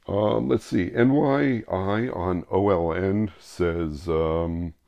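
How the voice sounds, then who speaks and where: A middle-aged man hosts a casual podcast, his voice very low and gravelly with a creaky edge. He speaks in a flat, nearly monotone line, circling through fillers and restarts as he answers listeners. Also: slow pace.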